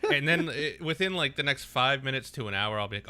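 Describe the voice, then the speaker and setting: A man co-hosting a podcast, telling crude stories in animated casual chat. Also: medium pitch, fairly quick. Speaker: podcast co-host.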